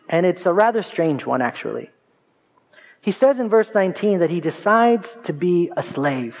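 A young adult male pastor preaching a sermon, telling stories in a lively way and pushing his voice higher for emphasis. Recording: dull sound with long reverb.

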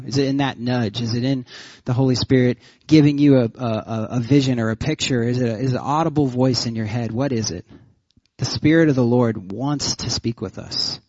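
A man pastor giving a sermon, telling stories with lively energy and frequent laughter, then closing in prayer. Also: medium pitch, breathy edge, dry recording, dull audio. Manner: animated storytelling, laughs often.

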